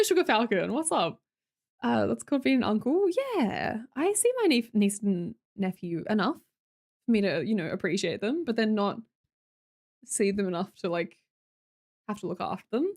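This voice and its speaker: A young Australian woman chatting casually as a streamer, reading viewer comments aloud and joking around with a teasing, chatty manner. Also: medium pitch. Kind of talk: casual chat with live viewers.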